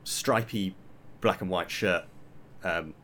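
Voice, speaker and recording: A man's voice: low voice, slow, a bit bright, a little hiss or hum. A man co-hosting a podcast, explaining ideas eagerly in casual chat. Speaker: podcast co-host.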